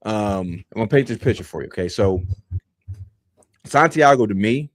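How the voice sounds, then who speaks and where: Male podcast host, low and dry, laid-back rambling storyteller. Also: expressive, normal speed, no room sound. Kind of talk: casual storytelling.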